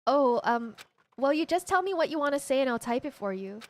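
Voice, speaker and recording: A woman voicing a gentle, polite AI program in a visual novel, speaking earnestly and analytically. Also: sits high, animated, brisk. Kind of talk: reading game dialogue aloud.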